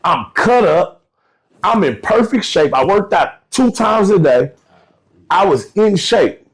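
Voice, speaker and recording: A man's voice: high voice, slow pace, vocal fry. A man talking as a podcast guest, telling a story casually in slangy, direct speech and acting out the other people in it. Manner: animated, acts out voices of people in his stories; slangy, direct address to listeners.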